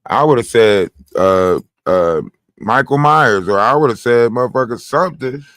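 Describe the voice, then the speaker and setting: Profane, animated male livestream host. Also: mid-range voice, normal speed, no room sound, clean studio sound. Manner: profane, animated storytelling with mimicked quotes. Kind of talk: casual livestream commentary.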